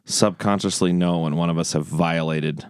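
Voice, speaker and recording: A man's voice: low voice, steady tone, normal speed, smooth, dry recording, studio quality. A man from Montana hosting a podcast in casual chat, joking and often restarting his sentences. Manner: stammering restarts, joking, laughs easily. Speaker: podcast host.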